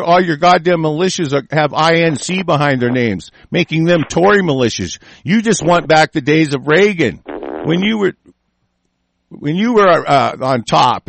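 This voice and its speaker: A man's voice: a little high, creaky, no echo. A man hosting a political broadcast, delivering an angry, profane rant full of restarts and repetition. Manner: profane, heated, repeating himself. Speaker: host of an online political broadcast.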